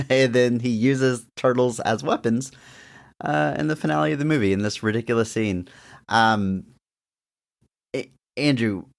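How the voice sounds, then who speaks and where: A man's voice: mid-range voice, a little slow, gravelly, long pauses. A man co-hosting a podcast, chatting casually about an old comedy film and laughing often. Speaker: podcast co-host. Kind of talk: casual movie discussion.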